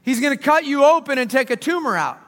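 A man delivers a sermon in a chatty, humorous way, swinging between hushed asides and loud stretches. His voice sits high with a bright ring, and the sound carries a long reverb from a large church hall. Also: animated, fast. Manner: conversational, joking preacher with dramatic swings in loudness. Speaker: pastor. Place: church auditorium.

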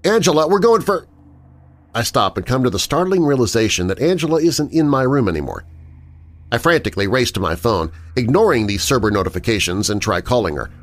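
A man narrating a first-person horror story in an expressive storytelling manner. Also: fairly low pitch, quick pace, dry recording.

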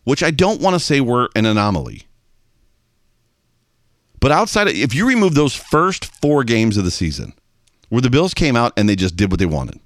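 A man's voice: medium pitch, normal speed, long pauses, dry recording. A man hosting a sports talk show, delivering an exasperated fan's monologue. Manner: animated, exasperated fan ranting. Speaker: podcast host.

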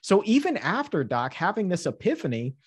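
Lively, high-voiced man telling a story. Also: fairly quick, slightly rough. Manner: lively, acts out quotes with big pitch jumps. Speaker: podcast host telling his story. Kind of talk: animated personal storytelling.

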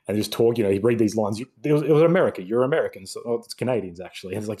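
A man's voice: fairly low pitch, rapid-fire, few pauses, mellow, slightly rough. A young man ranting sarcastically in a casual film review chat. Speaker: podcast co-host.

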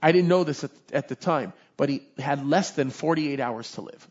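A man preaching with passion and a slightly high voice, turning to the congregation with quick asides. The recording is muffled and lo-fi. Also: darkish tone. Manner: impassioned, conversational preaching with audience asides. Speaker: pastor. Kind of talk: sermon.

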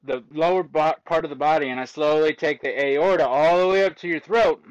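A fairly high-voiced man tells stories in a lively way, mimicking the people he argues with. The recording sounds dry and a bit dull, with little room around the voice. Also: a little fast, smooth, dry recording. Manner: lively storyteller acting out exchanges with commenters. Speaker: autopsy technician guest. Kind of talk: casual conversational explaining.

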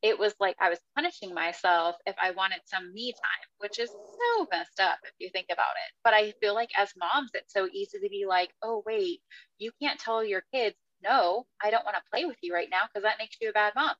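A mother in her thirties talks openly on a podcast, her mid-range voice lively and frank. The recording is dry and close, with a slightly dull, muffled tone. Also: medium pitch, moderate pace, no room sound. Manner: candid, animated storytelling. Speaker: guest. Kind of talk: casual podcast conversation.

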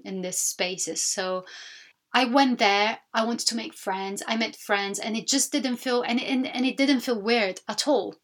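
A woman's voice: mid-range voice, a bit bright. A woman hosting her own podcast, talking alone in a candid, reflective way and often restarting her sentences. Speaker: podcast host. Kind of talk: solo podcast monologue.

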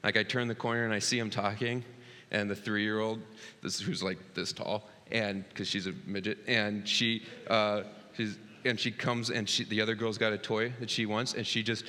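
A man in his thirties preaching a sermon as pastor, earnest, dropping to a hush and then rising loud and excited. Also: mid-range voice, moderate pace. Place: church sanctuary. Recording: long hall reverb.

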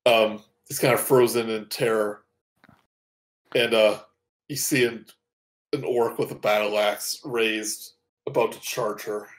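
A man running a tabletop game as game master, narrating with frequent ums and restarts. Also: mid-range voice. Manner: hesitant, full of ums and restarts.

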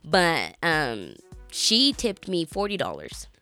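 Soft background music plays as a woman co-host tells a story on a podcast, unhurried and low-pitched. Chatting casually, she brings the tale alive by acting out what people said.

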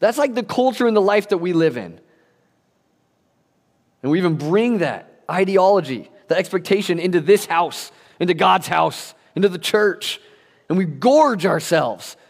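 A man's voice: high voice, lively intonation, moderate pace. A young adult man preaching a sermon as a pastor, telling stories animatedly with casual slang. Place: church sanctuary. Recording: long reverb of a church hall.

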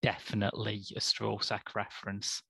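A man's voice: on the low side, completely flat delivery, normal speed, vocal fry, sharp tone, breathy edge, no room sound. A man co-hosting a podcast, chatting casually about films, rambling and correcting himself with dry humor. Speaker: podcast co-host. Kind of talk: casual film chat.

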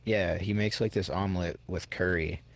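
A young man in a casual podcast chat, telling things in a relaxed way, full of "like" fillers. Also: low-pitched, moderate pace, noisy background. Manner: relaxed storytelling with many "like" fillers.

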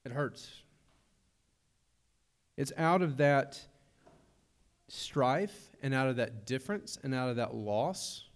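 Conversational preacher. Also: male voice, medium pitch, expressive, takes it slowly, long pauses. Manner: conversational, with humorous asides. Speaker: pastor. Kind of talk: sermon.

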